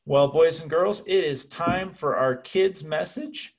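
A man leading a church service, announcing the next part in a calm way. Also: a little high, takes it slowly, creaky. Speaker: worship leader.

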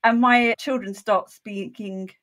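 A woman's voice: mid-range voice, steady tone, slow, a bit bright. A woman co-hosting a casual podcast chat and sharing a family anecdote. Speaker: podcast co-host.

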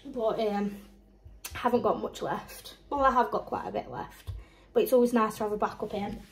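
Slightly high-pitched and moderately paced, a young mum vlogger talks casually through a shopping haul, rambling and listing prices between small laughs. The low-quality recording carries a little hiss or hum.

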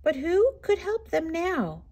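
A woman reading a children's picture book aloud with expressive, unhurried storytelling. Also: extremely high pitch. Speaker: storybook reader.

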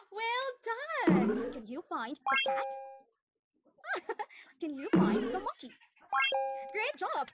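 Woman, online English teacher, very high pitch, slow deliberate pace, cheery praise for a little kid. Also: heavy background noise. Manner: exaggerated cheerful praise, slow teacher-talk to a small child. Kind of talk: demo lesson for a young child.

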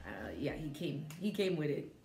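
A woman giving a casual spoken movie review in an animated, chatty way, with fillers and self-corrections. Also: deep voice, a little slow, vocal fry. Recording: echoey room with faint background music.

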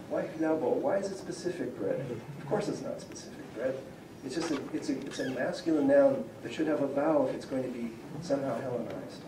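A man's voice: medium pitch, brisk, few pauses. A man, a professor, giving a public lecture in a conversational, explaining way and reading out word examples. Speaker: professor of Slavic linguistics. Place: civic centre lecture room. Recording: echoey room, voice from far off, faint hum.

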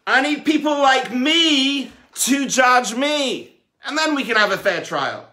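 A man voicing a defiant sinful man who argues loudly against his verdict in a heavenly court. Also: extremely high pitch, lively intonation, slow, roomy sound, voice pushed up, exaggerated voice. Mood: protesting. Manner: indignant, pleading, raised voice.

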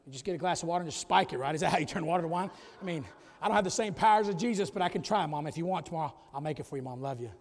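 A middle-aged man preaches from the pulpit in a high, ringing voice. His sermon swings from soft, chatty asides to loud, shouted climaxes. The sound carries a long reverb from a large church hall. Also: rapid-fire. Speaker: pastor. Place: church sanctuary.

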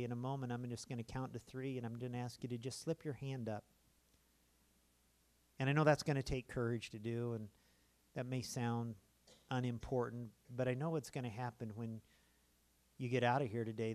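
Male pastor, mid-pitched, soft and repetitive, leading prayer at the close of a church sermon. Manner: gentle, hushed, repetitive pleading during prayer. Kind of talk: sermon altar call and prayer. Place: church auditorium.

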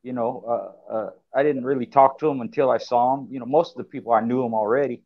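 A man's voice: mid-range voice, fast talker, highs cut off. A man co-hosting a casual chat, laid-back and rambling with many fillers. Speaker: podcast co-host.

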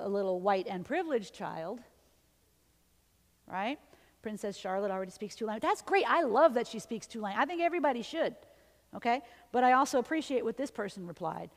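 Her mid-range voice filling a large university hall, a woman linguist delivers a lively symposium lecture in a conversational style. She alternates English and Spanish and regularly closes points by asking "okay?" or "right?"

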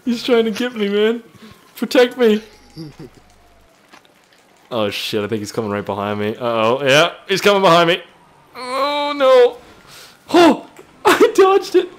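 A man yelling and laughing through a casual online gameplay session with friends, loud and excitable. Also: sits high, unhurried, long pauses. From Canada. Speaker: gamer streamer.

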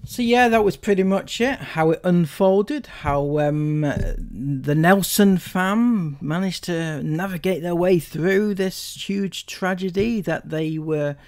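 A man's voice: high-pitched, slow, hardly any pauses, darkish tone. Critical male commentator, casual. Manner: critical, conversational, frequent ums. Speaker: commentary channel host.

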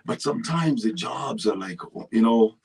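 In a relaxed interview, a middle-aged actor and writer with a Kenyan accent gives loose, rambling answers with frequent restarts, growing animated over stories. He speaks at normal speed in a medium-pitched voice with a breathy edge, and the recording quality is low.

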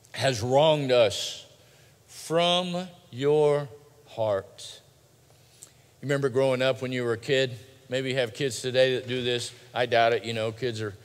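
A male pastor preaching a sermon in a large church, swinging between loud urgent pleading and quiet hushed lines. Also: mid-range voice. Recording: long hall reverb.

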